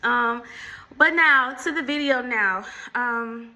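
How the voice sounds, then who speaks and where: A woman talks straight to her viewers in a casual faith chat, with a piercing, very bright tone set a little high. She calls them y'all and slips into preachy asides. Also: takes it slowly. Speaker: faith and relationship channel host. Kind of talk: casual faith talk to camera.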